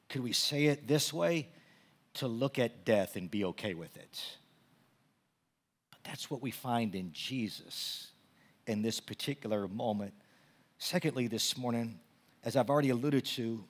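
Man, pastor, sermon to a congregation, repeats words, swings from quiet to loud and lively, mid pitch. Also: unhurried, husky. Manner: repeats words when excited, builds to loud animated storytelling.

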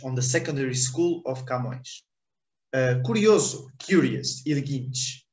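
A man's voice: mid-range voice, unhurried, roomy sound, rough recording. A man teaching a language lesson in English, repeating words and checking understanding with "ok?".

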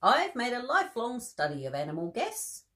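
A woman voicing an excitable, eccentric male mad-professor scientist who makes grand, eager pronouncements. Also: a little high, moderate pace, pitched above the performer's own voice. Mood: proud.

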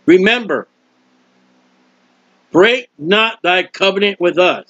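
A man's voice: high-pitched, lively intonation, slow, a bit bright, dry recording. A male preacher giving an impassioned sermon and acting out prayers, in a dull lo-fi recording. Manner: impassioned, acts out prayers and quotes.

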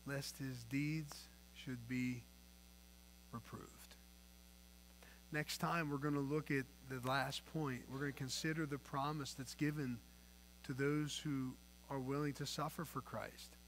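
A man's voice: medium pitch, level tone, moderate pace. Earnest male pastor preaching, faint hum. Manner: earnest preacher, swings from soft to loud and emphatic. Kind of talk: sermon. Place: church sanctuary. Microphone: pulpit mic.

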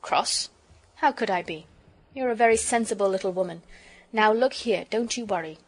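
A brisk, jovial country doctor from a children's storybook, teasing and kind, as a woman reads him. The delivery stays in a middling register. It is a plain reading voice rather than a big character turn. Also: mid-range voice, natural voice. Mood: cheerful. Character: cheerful kindly country doctor, a man.

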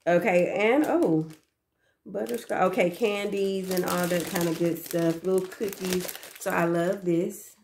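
A woman's voice: fairly low pitch, fairly even intonation, unhurried, creaky, noisy background. A young woman who works as a daycare teacher, chatting casually to the camera about her gifts in a gushing, repetitive way and talking to viewers as y'all. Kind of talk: casual gift haul chat to camera.

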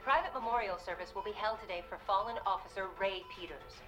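An actress reading a news report as a TV anchor in a crisp, formal way. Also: female voice, mid-range voice, fast, over music, natural voice, poor audio.

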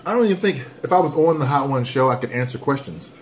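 A man doing a casual hot sauce challenge vlog at home, animated and joking while his mouth burns from the sauce. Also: mid-range voice, fast, a little hiss or hum. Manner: animated, joking, breaks into whoops and coughs. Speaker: vlogger.

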